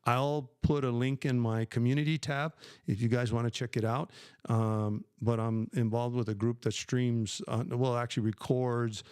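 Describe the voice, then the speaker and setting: Older male co-host, mid-pitched, loose rambling chat, dry close mic. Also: level tone, normal speed, darkish tone, clear, resonant tone, dry recording. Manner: rambling, many fillers and restarts. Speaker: live stream co-host. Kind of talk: casual live stream chat.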